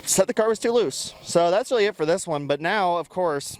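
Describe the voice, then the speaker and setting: A man's voice: high voice, lively intonation, fairly quick. A man hosting a casual motorsport recap, talking loosely and conversationally. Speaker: racing show host.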